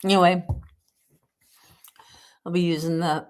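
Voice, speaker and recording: Slow, low-voiced woman with a cold. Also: steady tone. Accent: Southern US. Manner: chatty, rambling, lots of ums. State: congested with a cold. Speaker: livestream host. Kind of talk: casual livestream chat. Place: indoors at home.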